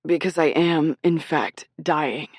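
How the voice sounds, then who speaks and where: A woman's voice: low-pitched, takes it slowly, a little mellow, no echo, studio quality, full character voice. A woman voicing a miserable young man sick with food poisoning, speaking in a gritty, weak, sheepish voice. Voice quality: gritty, rough.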